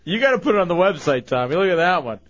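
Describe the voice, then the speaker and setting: A man's voice: sits high, big pitch swings, fast talker, a bit bright, no echo. A male radio host in casual banter, often laughing and teasing, with a dull lo-fi sound.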